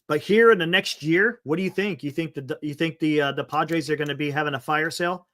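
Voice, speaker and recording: A man's voice: on the high side, a little fast, a bit bright. A man hosting a live sports stream, chatting loosely, reading viewer comments and laughing often.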